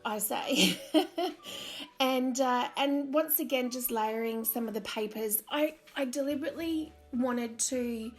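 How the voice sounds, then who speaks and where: A friendly Australian woman talks through her craft project in a relaxed voice-over, laughing at herself along the way. Her voice is slightly high with a gravelly fry at the ends of phrases. Soft music plays quietly beneath her. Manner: chatty, self-deprecating, laughs often. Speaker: crafting channel host.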